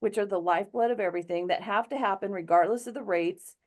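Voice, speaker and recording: A woman's voice: mid-range voice, fast talker, darkish tone. Chatty middle-aged woman hosting. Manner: chatty, laughs easily. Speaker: show host. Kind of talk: casual chat.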